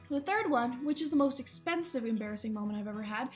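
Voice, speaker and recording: A young vlogger with a high, bright voice tells self-mocking stories of her own mishaps directly to camera, talking a little fast with lively intonation and often bursting into laughter. Soft music plays faintly beneath her casual storytelling.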